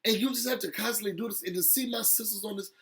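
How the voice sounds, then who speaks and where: A man recapping a reality show episode in a casual, emotional chat, animated and laughing often as he talks straight to viewers. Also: sits high, fast.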